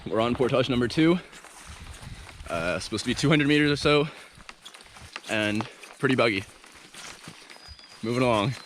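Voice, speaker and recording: A man narrating a wilderness canoe trip as he walks a portage with gear on his back. His voice sits at an everyday middle pitch. He talks in loose bursts full of fillers, and faint outdoor noise runs behind him. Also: lively intonation, normal speed, pauses often, fairly bright tone. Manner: chatty, with frequent filler sounds and restarts. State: walking while carrying gear. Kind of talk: casual on-the-go video diary.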